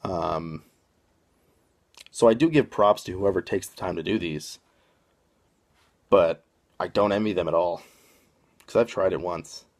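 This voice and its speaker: A man hosting a casual wrestling talk show, reading out rankings in a laid-back, rambling way with frequent pauses and ums. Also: deep voice. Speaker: podcast host.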